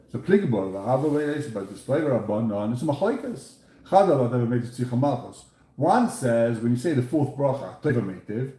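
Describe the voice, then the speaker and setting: A man leads a Talmud class with a lively, rising and falling delivery. His voice is mellow, and the sound carries in an echoey room. He mixes Hebrew and Aramaic terms into his English as he works through each question. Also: on the high side. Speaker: Talmud teacher. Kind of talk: Talmud lecture.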